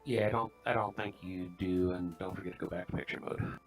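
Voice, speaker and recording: A man with a lowish voice chatting quietly beside a game player. He drops offhand hints in a casual tone. Faint music plays behind him. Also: fairly even intonation, a little fast. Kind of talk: casual chat.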